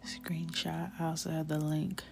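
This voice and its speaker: A low-pitched, gravelly woman of middle age chats loosely on a coloring livestream. She jokes, riffs on viewer comments and tells little stories in an easygoing, playful way. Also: level tone, measured pace, slight background noise. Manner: chatty, joking, reads chat aloud. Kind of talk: casual livestream chat.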